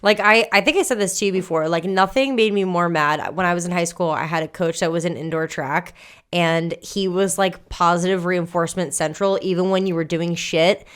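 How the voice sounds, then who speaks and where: A young adult woman co-hosting a podcast, telling race stories in casual, profane, animated chat. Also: on the low side, fairly quick, smooth. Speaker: podcast co-host.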